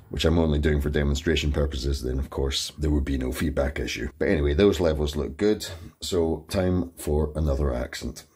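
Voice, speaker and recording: Deep-voiced man explaining gear. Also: mellow, breathy edge. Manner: methodical, explains each control step by step. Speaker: tutorial host. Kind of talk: step-by-step equipment tutorial. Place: home studio with speakers.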